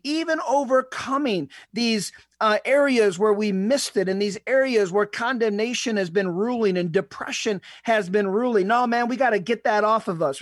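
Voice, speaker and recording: A man's voice: sits high, dry recording. Male Bible teacher and host, emphatic sermon delivery with repeated build-ups, dry close sound. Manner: emphatic and repetitive, piling up phrases; reads scripture aloud in a slow, deliberate way.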